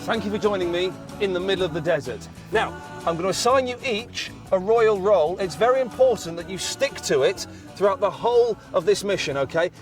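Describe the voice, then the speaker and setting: A man's voice: high voice, a little fast, soft background music. An English man hosting a comic show on location, sarcastic and teasing in his banter. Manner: sarcastic, mock-posh banter. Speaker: host.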